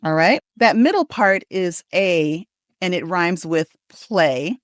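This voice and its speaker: An American woman, a pronunciation coach, leading an upbeat lesson and saying model words slowly and deliberately for the listener to repeat. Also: fairly low pitch, animated, no room sound, studio quality.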